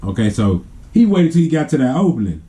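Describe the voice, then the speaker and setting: A man vlogger telling a family story to camera in a casual, animated way, laughing often and acting out the sounds. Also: medium pitch, a little fast.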